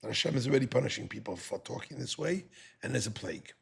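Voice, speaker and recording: Animated, gravelly rabbi teaching. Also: male voice, medium pitch, quick pace. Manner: animated, dramatizing the text. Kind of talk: Torah class storytelling.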